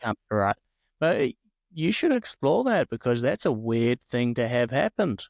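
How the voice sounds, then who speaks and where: A man co-hosting a faith podcast who makes his points in a steady, reasoned way. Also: mid-range voice, unhurried, vocal fry, no room sound, clean studio sound. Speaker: podcast co-host. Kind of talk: casual faith podcast chat.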